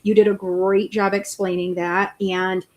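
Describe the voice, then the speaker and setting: A woman reviewer talks with an author over a video call. She sounds chatty and enthusiastic, with generous praise. Her pitch is mid-range for a woman. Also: little pitch movement, a little slow. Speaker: book reviewer. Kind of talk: interview conversation.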